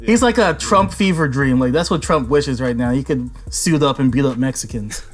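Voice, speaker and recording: A man's voice: mid-range voice, moderate pace, soft background music. A man in his thirties co-hosting a podcast in casual chat, wry and joking, trading quips. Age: under 40. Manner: joking, wry, does mock voices. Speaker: podcast co-host.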